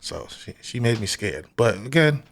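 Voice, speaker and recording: A man's voice: mid-range voice, sing-song, moderate pace. Casual man telling family stories. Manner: storytelling, loose and profane, acts out family quotes. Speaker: podcast co-host. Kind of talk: casual podcast chat.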